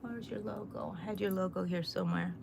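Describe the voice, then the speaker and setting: A woman's voice: mid-range voice, steady tone, brisk, gravelly, background noise. Chatty middle-aged woman hosting a crochet stream. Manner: chatty, reads viewer comments aloud, laughs often. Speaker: crochet livestream host. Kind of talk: casual live-stream chat.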